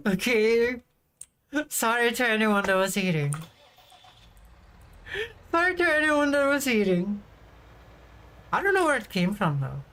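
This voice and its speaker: A woman streamer with a fairly high voice talks to her viewers in unhurried, rambling chat as she plays a game. Her talk wanders and stalls, and now and then she breaks into loud exasperation. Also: big pitch swings. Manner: rambling, chatty, bursts of loud frustration. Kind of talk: casual livestream chat while gaming.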